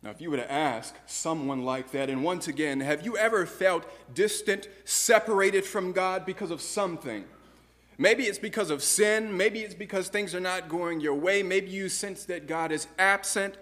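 A man's voice: sits high, moderate pace, a bit bright, big-room sound. A man preaching a sermon, earnestly posing rhetorical questions to the congregation. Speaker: pastor.

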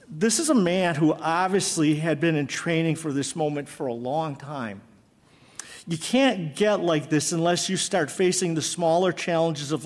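Male preacher, sermon storytelling, slightly high voice, long hall reverb. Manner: dramatic retelling, then earnest exhortation.

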